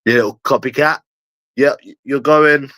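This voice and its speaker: A man's voice: medium pitch, moderate pace, a bit bright, no room sound. A young man with a London accent, ranting in a taunting live stream and jeering at someone over and over. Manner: mocking, repetitive jeering.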